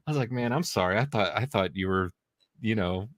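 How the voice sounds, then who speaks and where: A man's voice: fairly low pitch, a little fast, no room sound. A man co-hosting a podcast, telling funny stories in casual chat and laughing often. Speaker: podcast co-host.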